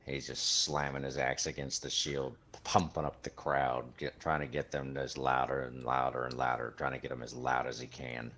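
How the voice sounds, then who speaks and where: A man narrating a tabletop game as game master in a relaxed way. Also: rumbling low, moderate pace, hardly any pauses, a little hiss or hum.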